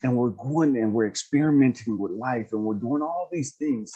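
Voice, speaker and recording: Man, earnest storyteller on a video call, mellow husky tone, emphatic and repetitive. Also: mid-range voice, moderate pace, highs cut off. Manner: earnest, emphatic, repeats phrases, often laughs and asks "you know what I mean?". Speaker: speaker and life coach. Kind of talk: casual personal storytelling.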